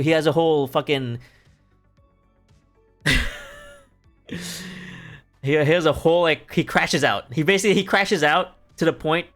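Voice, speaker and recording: A young adult man streams from home, retelling a story in a rambling, casual way with many fillers, swearing freely and laughing in asides. His voice is on the high side and fairly bright, with faint music in the background.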